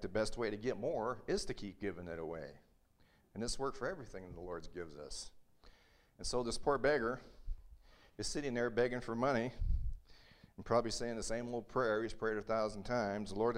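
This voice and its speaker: A male pastor preaching a sermon in a conversational, storytelling way with humorous asides. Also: fairly low pitch.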